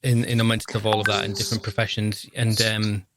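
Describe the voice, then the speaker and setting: A man's voice: lowish voice, level tone, fairly quick, background noise. A man, hosting a podcast in a casual, rambling, self-deprecating, jokey way. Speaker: podcast host. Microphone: podcast microphone.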